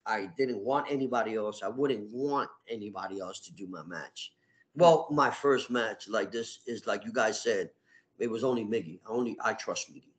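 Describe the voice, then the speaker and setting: A middle-aged man, a wrestler, telling stories in a casual interview, animated and full of swearing. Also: on the low side, normal speed. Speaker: wrestler guest. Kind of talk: casual storytelling.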